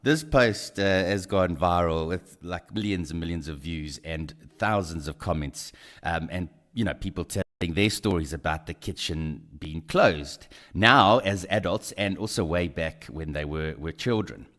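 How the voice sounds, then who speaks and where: Deep-voiced man co-hosting morning radio, chatty and meandering. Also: measured pace, hardly any pauses, fairly bright tone. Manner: conversational, hesitant with fillers. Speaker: radio co-host. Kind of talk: talk radio chat.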